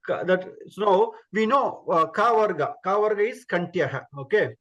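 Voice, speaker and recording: A man's voice: sits high, expressive, moderate pace, fairly bright tone, low-quality recording. A man teaching Sanskrit pronunciation in an online class, patiently repeating sounds as demonstrations.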